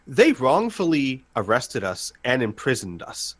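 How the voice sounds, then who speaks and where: A man chatting casually as a tabletop game player, eagerly pitching ideas and repeating himself. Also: very animated, unhurried, dry recording. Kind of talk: casual chat.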